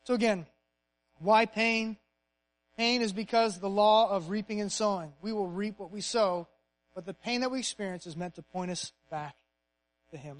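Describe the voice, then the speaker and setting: A male pastor preaching a sermon, punching key phrases and dropping to a soft, hushed voice in prayer. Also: high voice, normal speed, rough recording.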